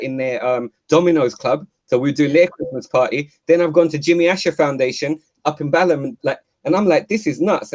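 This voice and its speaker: Caller: talkative man, slightly high voice, rambling, muffled video-call sound. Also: a little mellow. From London. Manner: chatty, rambling storyteller with many fillers and restarts. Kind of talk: casual chat. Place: home, call-in to live show.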